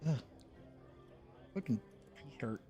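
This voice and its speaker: A woman streamer telling a story in casual chat, animated, laughing often and swearing freely. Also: takes it slowly, dry recording, soft background music. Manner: quotes people in big high-pitched voices.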